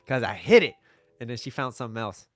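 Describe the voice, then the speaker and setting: A man's voice: mid-range voice, quick pace, dry recording. A man coaching on dating over slides, casual and joking as he talks. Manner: joking and animated.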